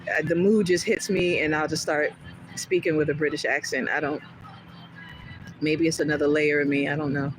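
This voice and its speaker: A woman hosting a casual livestream from home, chatting with viewers in a rambling, animated way and laughing often. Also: deep voice, normal speed, soft background music, rough recording. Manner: chatty and rambling, jumping between topics. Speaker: livestream host. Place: home in California.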